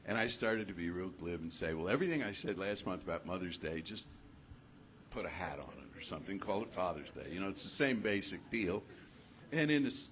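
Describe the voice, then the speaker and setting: A man giving a conversational sermon as minister, animated and playful, acting out little voices and laughing at his own jokes. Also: sits low, a little hiss or hum. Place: church hall.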